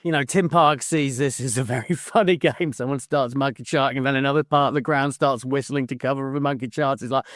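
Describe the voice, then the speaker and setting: A man chatting casually as a podcast co-host, dropping swear words and breaking into laughs as he goes. His voice sits at an ordinary middle pitch. The sound is close and dry, with no room around it. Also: fairly even intonation, fairly quick, hardly any pauses, no echo. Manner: swears freely, laughs mid-sentence, mimics people in quotes. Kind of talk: casual book-club chat.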